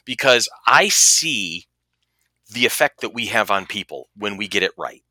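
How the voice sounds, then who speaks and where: Middle-aged male co-host, bright dry voice, animated storyteller who acts out quotes. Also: lowish voice, measured pace, no echo. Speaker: podcast co-host. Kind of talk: casual storytelling chat.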